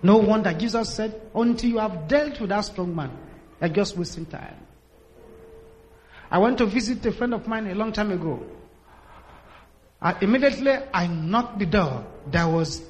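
High-voiced male preacher telling stories. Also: expressive, normal speed. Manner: dramatic storytelling, acts out quotes, builds to shouted prayer. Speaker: pastor. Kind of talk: sermon.

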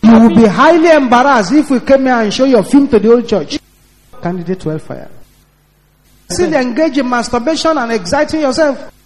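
A male preacher delivers an emphatic sermon in a high, strongly swinging voice. He drives his points home with repeated warnings. The sound carries a long hall reverb. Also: animated, fairly quick.

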